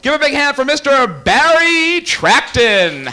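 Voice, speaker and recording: A man's voice: very high-pitched, very animated, a little slow, bright, forceful tone, a little hiss or hum. A man hosting a comedy night in a small cafe, joking with the crowd before bringing up the next act. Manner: joking, playful crowd banter. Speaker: host and emcee. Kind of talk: emcee stand-up banter. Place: small cafe stage with a live audience.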